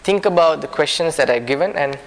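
A man leading a small discussion group, talking in a soft, apologetic way with many restarts. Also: on the high side, animated, a little fast. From a warm-climate country. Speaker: discussion leader. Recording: background noise.

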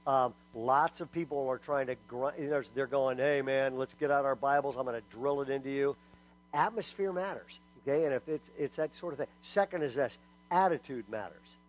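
A middle-aged male pastor delivering a sermon in a lively storytelling way. His voice sits a bit high for a man, and he acts out quotes and tosses asides to the congregation. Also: rough recording.

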